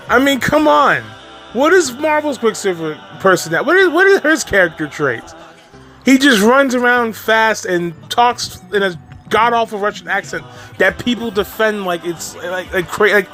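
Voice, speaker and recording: A man with a high voice rants in a loose, unscripted way, swearing freely and breaking into laughs. He trips over his words and starts sentences again. Faint music plays underneath. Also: fairly bright tone. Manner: exasperated, profane, laughs often, repeats and restarts. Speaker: movie commentary vlogger. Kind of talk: casual ranting commentary.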